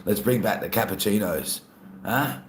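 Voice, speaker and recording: Chatting casually on a live stream, a man with an Australian accent reads out viewer comments, relaxed and laughing often. His voice is lowish and moderately paced, with a roomy sound and slight background noise.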